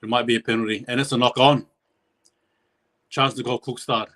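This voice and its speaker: As a stream host, a man gives live play-by-play commentary on a match, rambling and correcting himself, with his voice jumping up at big plays. He has a medium pitch, a fairly bright tone, and fairly even intonation, and he talks fairly quickly.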